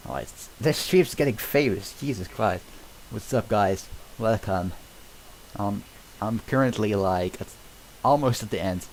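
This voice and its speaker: A man's voice: on the low side, measured pace, a little mellow, a little hiss or hum, low-quality recording. A man streaming, casually chatting and reading script narration aloud in a loose, offhand way. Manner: loose and offhand, with filler words.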